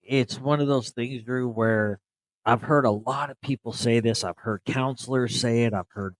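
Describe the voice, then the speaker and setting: A man's voice: mid-range voice, normal speed, no room sound, rough recording. A man co-hosting a podcast, speaking candidly and reflectively in casual conversation. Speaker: podcast co-host.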